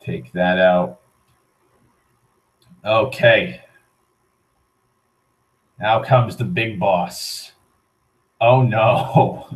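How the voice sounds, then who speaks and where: Young guy cursing and muttering over a game, low voice, slow drawl. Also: low-quality recording. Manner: swearing, muttering reactions to the game. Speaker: gaming channel host. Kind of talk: let's play commentary.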